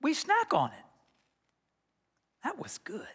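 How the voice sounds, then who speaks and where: A man's voice: very high-pitched, wildly swooping pitch, takes it slowly, fairly bright tone, in a large hall. A man preaching a sermon as pastor, talking conversationally and acting out quoted asides. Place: church sanctuary.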